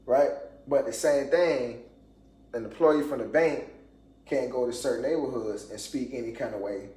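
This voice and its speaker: A man's voice: medium pitch, normal speed, warm tone. A man in casual podcast chat with a mid-range voice, speaking conversationally and often checking in with "you know what I mean". The room sounds echoey around him, and he laughs easily. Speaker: podcast co-host.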